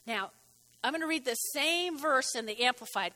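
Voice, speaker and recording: A woman preacher giving a folksy, animated sermon, often repeating her phrases. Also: high-pitched, normal speed, long reverb tail.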